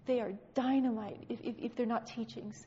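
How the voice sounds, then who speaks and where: A woman's voice: fairly high pitch, steady tone, moderate pace, dark tone, slight background noise. A woman sharing with her church congregation, talking fervently, repeating phrases and stammering. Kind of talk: impassioned spontaneous exhortation. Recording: dull, echoey hall recording.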